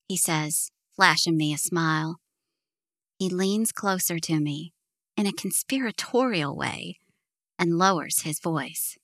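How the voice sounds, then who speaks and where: A woman reading a first-person novel aloud in a lively, expressive way as an audiobook narrator. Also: sits low, a little slow, gravelly, dry recording, clean studio sound.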